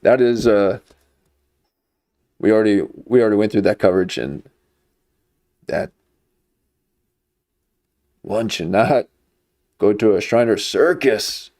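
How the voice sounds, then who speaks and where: A man's voice: fairly low pitch, slow pace, long pauses, a little mellow. A man streaming, chatting casually in a rambling, jokey way. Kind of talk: casual chat.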